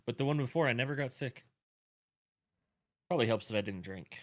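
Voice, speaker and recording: Blunt texas dude on a stream, mid pitch, jokes around. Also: male voice. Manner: blunt, joking, drawn-out complaints. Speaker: podcast co-host. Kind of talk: casual livestream chat. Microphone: desktop mic set far away.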